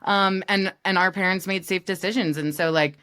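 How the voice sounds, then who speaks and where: A woman's voice: mid-range voice, fairly even intonation, moderate pace, a bit bright, clean tone. A woman in her thirties from New York, chatting as a guest, teasing and laughing often. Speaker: guest, business partner. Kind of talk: casual chat.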